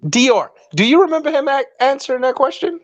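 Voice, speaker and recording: A man co-hosting a live chat show who presses the others with pointed questions. His voice sits high and swings lively up and down. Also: a little fast. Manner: pointed and questioning, pushes for answers. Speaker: co-host. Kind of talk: casual chat.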